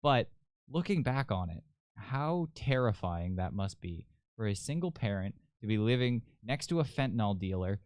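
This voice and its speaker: Young male podcast host, rambling profane storyteller, smooth clean tone. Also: fairly low pitch, very animated, normal speed, a little mellow, dry recording, clean studio sound. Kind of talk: casual storytelling.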